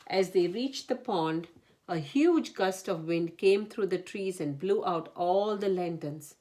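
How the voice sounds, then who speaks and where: A woman storyteller reading a children's picture book aloud in a gentle, expressive way. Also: fairly low pitch, takes it slowly.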